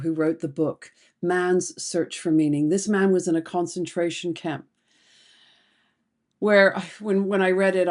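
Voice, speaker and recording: Low, mellow-voiced woman therapist. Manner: slow, deliberate, emotional storytelling. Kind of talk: reflective personal talk to camera.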